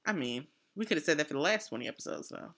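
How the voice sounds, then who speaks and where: A woman's voice: low-pitched, lively intonation, quick pace, a bit bright. A young woman co-hosting a podcast in casual chat, dry and teasing, laughing easily. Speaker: podcast co-host.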